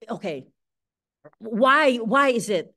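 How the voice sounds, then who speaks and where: A woman's voice: fairly high pitch, slow. Filipino woman pastor preaching. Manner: lively, repeats phrases for emphasis, asks the congregation questions. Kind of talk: sermon.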